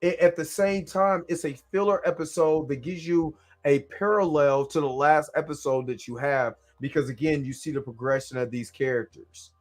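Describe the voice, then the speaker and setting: A man's voice: fairly high pitch, normal speed, few pauses, soft background music. A man from Kansas City hosting a casual live reaction show, talking at length and often asking "you know what I'm saying". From Kansas City, USA. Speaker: show host reviewing an episode.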